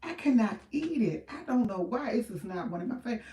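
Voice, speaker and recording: A woman's voice: on the high side, sing-song, brisk, dark tone, far from the mic. A middle-aged woman, chatting casually and rambling with viewers on a livestream, laughing often. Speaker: livestream host. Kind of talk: casual live chat with viewers. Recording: roomy sound from off-mic.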